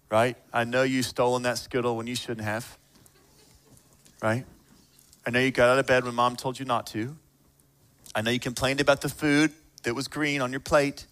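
A man preaching a sermon in a conversational way, moving between hushed reflection and fired-up encouragement. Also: medium pitch. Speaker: pastor.

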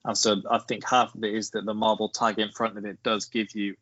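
A man co-hosting a casual film podcast, explaining his points in a measured way and leading with trivia. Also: on the low side, little pitch movement, fairly bright tone, dry recording, muffled recording. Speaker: podcast co-host.

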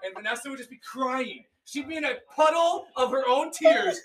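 A young man hosting a podcast in casual chat, boisterous and profane, shouting out bits of his stories. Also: very high-pitched, animated, moderate pace, far from the mic, rough recording. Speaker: podcast host.

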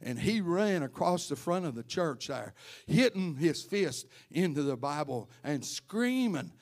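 Male pastor, sermon, higher voice, storytelling, calls on congregation by name, fervent preaching. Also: sing-song, measured pace. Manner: addresses congregation members by name. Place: church.

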